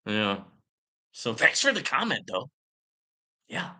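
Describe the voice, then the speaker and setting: A male show host reading out a viewer's comment and answering it with slow, mocking, sarcastic taunts. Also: medium pitch, very animated, bright, forceful tone. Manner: sarcastic, teasing, drawn-out taunts.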